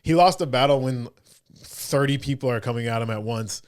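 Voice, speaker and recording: A man's voice: mid-range voice, a little fast. A man hosting a podcast in casual chat, joking and rambling. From Canada. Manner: joking, rambling, does mock voices. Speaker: podcast host.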